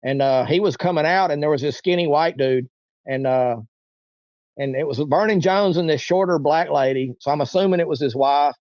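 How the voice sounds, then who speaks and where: A man's voice: a little high, moderate pace, a little mellow, dry recording, highs cut off. A man in his forties, a guest telling a long story in a casual, rambling way and now and then acting out the voices of people in it. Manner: rambling, acts out quoted voices. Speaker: interview guest.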